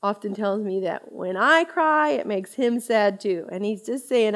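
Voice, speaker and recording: A woman in her thirties giving a conversational Bible study talk, chatty and expressive, often laughing as she teaches. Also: medium pitch, a little slow, few pauses.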